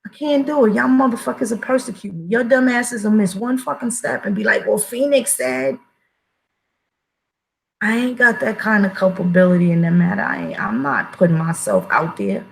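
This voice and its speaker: A woman's voice: medium pitch, brisk, vocal fry, hardly any pauses, slight background noise, low-quality recording. A woman giving a blunt, profane casual monologue as an online commentator, emphatic and full of restarts.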